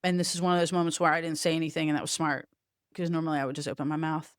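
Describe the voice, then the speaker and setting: A woman's voice: low-pitched, flat delivery, very fast, clear, resonant tone, dry recording, studio quality. A middle-aged woman hosting a podcast, telling a personal story in a blunt, profane, self-mocking way. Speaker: podcast host.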